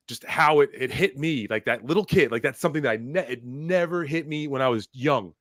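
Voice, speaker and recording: A man hosting a casual talk speaks a little fast with hardly any pauses, his medium-pitched voice a bit bright. It's a studio-quality recording without echo, and his delivery is rambling, profane, emotional, and riddled with fillers and restarts.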